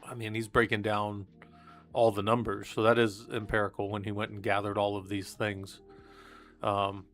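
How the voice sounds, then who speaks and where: A man's voice: fairly low pitch, little pitch movement, moderate pace, fairly bright tone, soft background music. A man reading research papers aloud on a live stream and commenting casually between passages, with fillers and restarts. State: coughing, hiccups.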